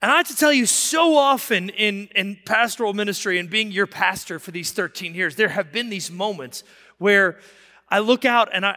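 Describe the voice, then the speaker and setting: A pastor preaches to his congregation in a high, bright voice that rings with tension, his words trailing into the long reverb of a church hall. He talks loosely and wanders off on asides, then climbs into sudden forceful emphasis. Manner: conversational and digressive, with sudden emphatic rises. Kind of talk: sermon. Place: church sanctuary.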